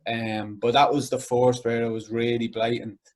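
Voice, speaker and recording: Young dublin inner-city guy chatting in an interview, mid-pitched voice, lots of "like" and "you know". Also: level tone, moderate pace, darkish tone. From Ireland. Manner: conversational, with many fillers like "like" and "you know". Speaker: interview guest. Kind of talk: casual interview talk.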